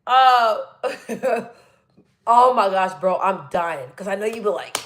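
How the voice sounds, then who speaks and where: A woman's voice: mid-range voice, animated, slow pace, fairly bright tone. A young woman chatting casually on a livestream, reading viewer comments aloud and laughing often. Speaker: livestream host.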